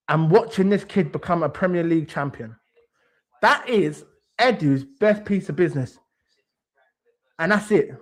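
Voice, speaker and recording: A young man, hosting a football livestream and ranting heatedly, swearing and repeating his points. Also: high voice. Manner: animated, swearing, repeats phrases for emphasis. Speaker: sports stream host.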